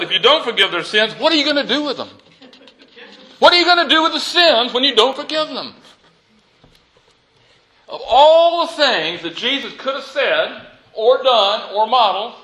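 A male pastor delivers a sermon in a high, forceful voice. He reads scripture aloud and preaches with animated energy. He jokes easily with his congregation. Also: rough recording.

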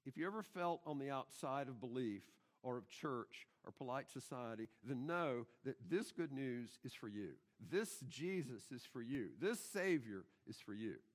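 A man's voice: medium pitch, lively intonation, measured pace, few pauses. A middle-aged pastor preaching a sermon in his church, emphatic and putting rhetorical questions to the congregation. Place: church sanctuary.

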